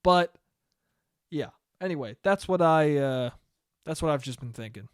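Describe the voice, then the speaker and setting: A man's voice: on the high side, lively intonation, measured pace, clear, resonant tone, no room sound, clean studio sound. Rambling, profane young man podcasting solo. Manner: rambling, profane, self-deprecating. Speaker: podcast host. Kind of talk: casual solo monologue.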